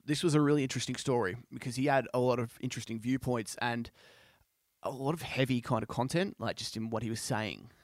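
A podcast host with a mid-range voice casually retells a story he heard, rambling along with plenty of fillers like "you know" and "like." The studio sound is clean, with no echo.

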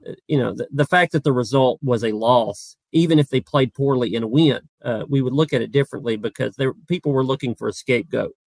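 A man co-hosting a casual sports podcast, talking quickly with fillers. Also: medium pitch, creaky, darkish tone, no echo. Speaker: podcast co-host.

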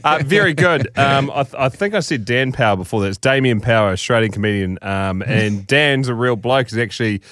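A man hosting a radio show, chatting casually and relaxed, with frequent ums. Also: mid-range voice, fairly quick, few pauses, no room sound, clean studio sound. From New Zealand. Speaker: radio host.

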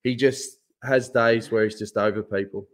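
Chatty New podcast host. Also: male voice, on the low side, fairly even intonation, moderate pace. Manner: laid-back, chatty, jokey. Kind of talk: casual chat.

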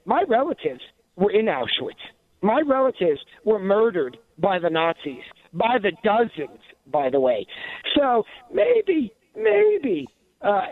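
A high-voiced, indignant man delivers sarcastic talk radio commentary, repeatedly restarting and tossing in asides. His audio is thin and phone-like, with no room sound at all.

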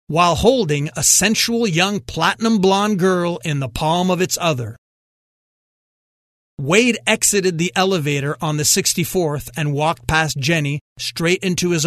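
A man reading a novel aloud as narrator, in an even, measured way. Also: high voice, no echo, clean studio sound. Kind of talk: audiobook narration.

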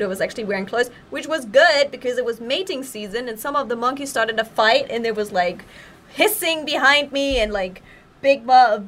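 A woman's voice: a little high, a little hiss or hum. A woman from Germany co-hosting a casual chat show, telling travel stories in a bubbly way. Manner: bubbly, lively storyteller. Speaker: co-host.

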